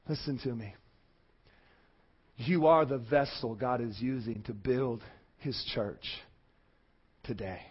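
A male pastor preaching a sermon, swinging from loud shouting to a hushed, intense murmur. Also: mid-range voice, husky, muffled recording.

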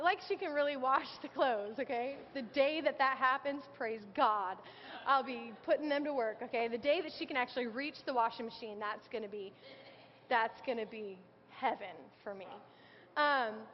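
A woman in her thirties preaches with an earnest, conversational warmth, weaving scripture into her own story. Her voice sits high, and it carries through a large church hall with long reverb on a slightly dull recording. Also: moderate pace, a little hiss or hum. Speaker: speaker sharing testimony. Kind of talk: sermon.

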